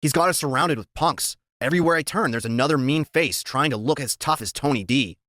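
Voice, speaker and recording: A man reading a children's story aloud in the first person, telling it in a lively, expressive way. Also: medium pitch, brisk, no echo, studio quality. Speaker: reader.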